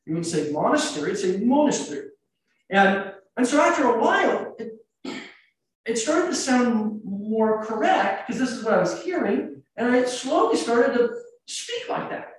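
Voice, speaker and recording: A man's voice: very high-pitched, big pitch swings, normal speed. A man with an American accent, a priest giving a conversational sermon full of anecdotes and rhetorical questions. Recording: echoey church, mic at a distance.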